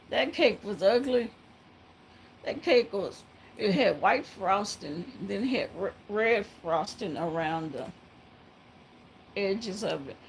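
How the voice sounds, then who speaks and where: A woman telling a story to viewers in a halting, casual way, breaking into frequent laughter. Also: mid-range voice, creaky, slight background noise, poor audio. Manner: laughs often, halting with many fillers.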